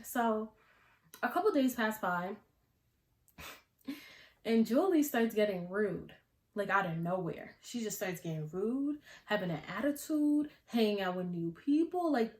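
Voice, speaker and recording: A woman's voice: on the high side, lively intonation, moderate pace, darkish tone. Chatty young woman in an echoey room. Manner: chatty, slangy, many "like" fillers. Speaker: vlogger telling a story. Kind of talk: casual storytime chat.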